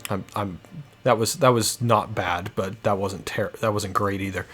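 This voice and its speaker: A man's voice: on the low side, steady tone, normal speed, a bit bright, faint music behind. A man giving casual, self-mocking gameplay commentary and swearing freely. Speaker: video game let's-player.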